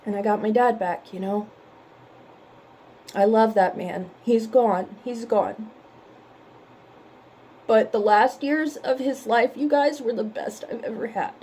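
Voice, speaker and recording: A woman's voice: fairly high pitch, slow, pauses often, a little hiss or hum. A woman hosting a reaction vlog, talking casually and emotionally, teary from crying and apologizing for it. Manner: emotional and tearful, apologetic, warmly chatty. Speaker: reaction channel host.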